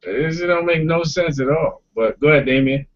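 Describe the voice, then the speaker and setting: A man's voice: fairly high pitch, moderate pace. Blunt, swearing man on dull audio. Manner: blunt, emphatic, swears freely. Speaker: podcast host. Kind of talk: casual roundtable talk.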